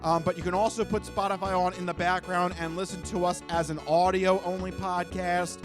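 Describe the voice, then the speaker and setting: A male podcast co-host with a notably high voice, talking in loose, jokey banter. Faint music sits under his voice. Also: level tone, normal speed. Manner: jokey, chatty, plugs the show. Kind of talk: casual chat.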